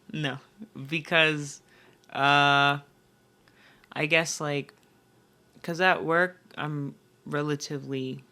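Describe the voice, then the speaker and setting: Young woman cohost rambling casually, acts out what people said, bright tone. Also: extremely slow, pauses often. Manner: animated, acts out quotes with big pitch jumps. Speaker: podcast co-host. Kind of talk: casual chat.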